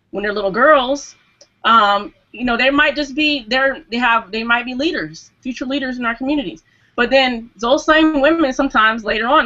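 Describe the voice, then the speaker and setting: A woman's voice: on the high side, pushed and bright. A woman speaking earnestly in a casual group discussion as a hangout guest, full of "you know"s and restarts. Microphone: video call microphone. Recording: dull lo-fi video call audio.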